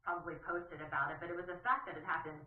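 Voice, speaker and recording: A woman news correspondent recounting events in a shaken, halting voice full of restarts. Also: sits low, fairly even intonation. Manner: emotional, halting, with many restarts. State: shaken, voice trembling. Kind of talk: broadcast news interview. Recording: distant echoey phone-like rebroadcast.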